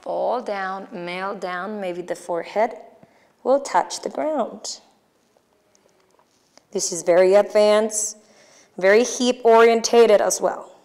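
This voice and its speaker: Slow, smooth-voiced Mexican-accented woman. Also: mid-range voice. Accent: Mexican Spanish. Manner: slow, calm cueing of breath and poses. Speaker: yoga instructor. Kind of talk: guided yoga class instruction.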